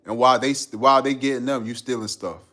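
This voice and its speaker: Slangy laid-back guy on a live stream, reading chat and laughing a lot, regular middle pitch. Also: fairly even intonation, fast, bright, forceful tone.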